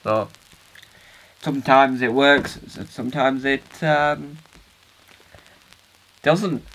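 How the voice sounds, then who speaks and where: A British man performs a comic character monologue as an earnest, rambling dad recording a hesitant, self-interrupting video diary for his kids. His voice is medium-pitched and slow, with a noisy background.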